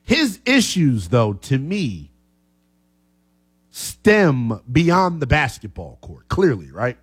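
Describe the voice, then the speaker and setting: Animated sports radio host, man. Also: medium pitch, slow, husky. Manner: lively, animated, coughing fits.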